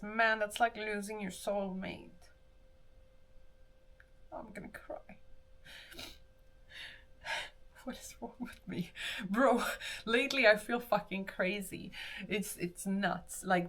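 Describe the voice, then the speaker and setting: Female streamer, casual chat with viewers, relaxed unhurried delivery, mid-pitched voice, rambling asides as she reads chat aloud. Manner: chatty, reads and answers chat while doing her hair; rambling, with restarts. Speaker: livestreamer.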